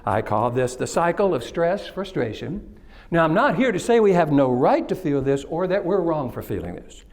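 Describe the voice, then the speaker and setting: Speaking from a conference stage, a man from Kilgore, Texas, gives an interactive keynote full of jokes and questions for the audience. His fairly high voice is very animated and a little mellow, at a moderate pace.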